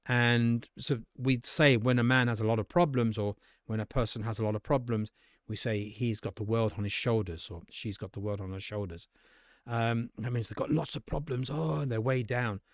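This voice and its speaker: A man teaching English to camera in a casual, conversational way, sometimes jumping his voice up high to act out sample dialogues. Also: normal speed, no room sound, studio quality. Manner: conversational, acts out sample dialogues with bright jumps in pitch. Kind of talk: casual spoken lesson to camera.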